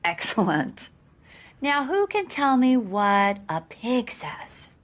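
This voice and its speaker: A woman playing a patient schoolteacher quizzing a class, slow and encouraging. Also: fairly high pitch, big pitch swings. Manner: slow, encouraging teacher talk.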